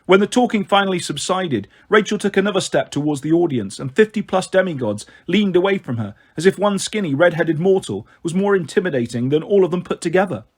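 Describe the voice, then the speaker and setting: A man reading a fantasy novel aloud as narration, slowing down for the verse lines. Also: high voice, lively intonation. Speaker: audiobook reader. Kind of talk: storybook narration with light character voices.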